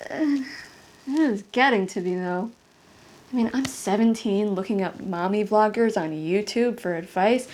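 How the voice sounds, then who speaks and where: A young woman performs a solo comedy story with a fairly high voice. She is animated and shifts her pitch a lot. Her voice climbs to sharp shrieks when she acts out panicked moments. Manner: animated, jumps to high shrieks in acted-out scenes. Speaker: stand-up comedian. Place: apartment.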